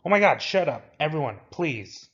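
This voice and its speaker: A man's voice: on the low side, steady tone, normal speed, muffled recording, close to an everyday voice. A man voicing a bossy, focused young woman who talks curtly and commandingly. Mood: snapping. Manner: curt and commanding.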